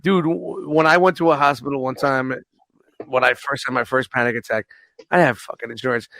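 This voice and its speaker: A man's voice: mid-range voice, steady tone, a little fast, gravelly, bright, forceful tone, no room sound. A middle-aged man hosting a casual podcast chat, profane and joking, often talking over the others. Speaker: podcast host.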